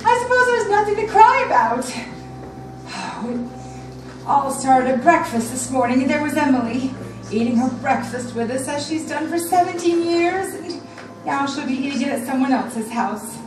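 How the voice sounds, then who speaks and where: A woman's voice: high voice, lively intonation, moderate pace. A woman playing a wistful, fretful mother of the bride in a live stage play. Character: tearful mother of the bride, middle-aged woman. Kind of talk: live community stage acting. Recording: echoey theater from far off, faint noise.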